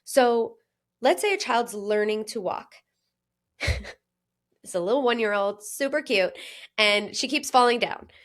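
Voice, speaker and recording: A woman's voice: on the high side, animated, measured pace, long pauses. Earnest, laughing woman health coach. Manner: warm, earnest, laughs often, acts out inner voices. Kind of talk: solo podcast monologue.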